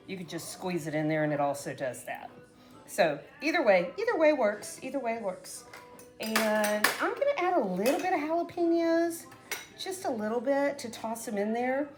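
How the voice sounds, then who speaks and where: Lively, chatty middle-aged woman. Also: medium pitch. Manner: chatty and rambling, often trailing off and restarting. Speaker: cooking vlogger. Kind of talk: casual cooking chat to camera.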